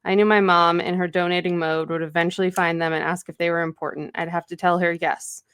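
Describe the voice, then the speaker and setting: A woman's voice: lowish voice, level tone, a little fast, fairly bright tone, smooth, no room sound. A woman co-hosting a podcast, casually retelling a novel's chapters with lots of fillers. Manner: chatty retelling with many fillers and acted quotes. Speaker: podcast co-host. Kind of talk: casual book recap.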